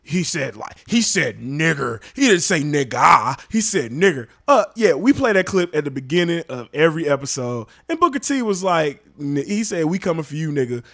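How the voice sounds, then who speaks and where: A man's voice: a little high, very animated, a little fast, hardly any pauses, a bit bright. A man co-hosting a podcast in casual chat, laid-back, laughing often and steering the talk. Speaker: podcast co-host.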